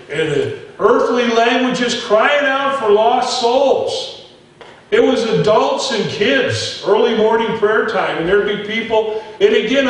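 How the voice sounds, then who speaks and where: A man's voice: sits high, heavy reverb, far from the mic, poor audio. A man preaching a sermon as pastor, telling stories in a folksy way and talking straight to his folks in the pews. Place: church sanctuary.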